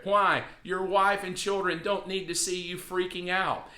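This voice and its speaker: A man's voice: high-pitched, a little slow, few pauses, pushed and bright, echoey room. A man preaching a devotional sermon, earnest and encouraging, and building to emphatic peaks. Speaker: pastor.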